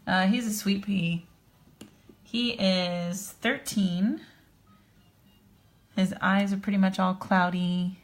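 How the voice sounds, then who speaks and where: A woman's voice: medium pitch, steady tone. A woman casually chatting on a live stream about her coloring, thinking aloud as she works in a small home studio, picked up on a phone. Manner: unhurried, thinking aloud while working.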